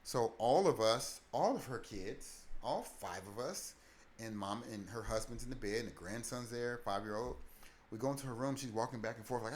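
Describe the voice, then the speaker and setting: A man telling his life story as an interview guest, animated and candid, acting out the people in it and restarting in quick bursts. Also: mid-range voice. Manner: animated, acts out the people in his story with big swings in loudness; talks in quick bursts with many short restarts.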